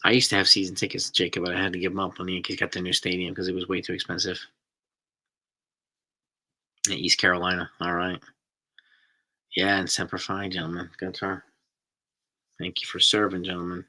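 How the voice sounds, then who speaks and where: A middle-aged man, his voice low and sharply bright. He chats loosely with live viewers. He rambles and gets excited as he talks. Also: moderate pace, long pauses. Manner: chatty, rambling, enthusiastic about food. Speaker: host reading live chat. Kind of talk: casual live-stream chat.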